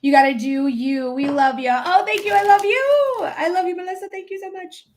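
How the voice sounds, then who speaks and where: Woman, high voice, casual livestream psychic host, affectionate, rambly. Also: normal speed, slight background noise. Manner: affectionate toward viewers, calls them my love; rambling, with many fillers and restarts.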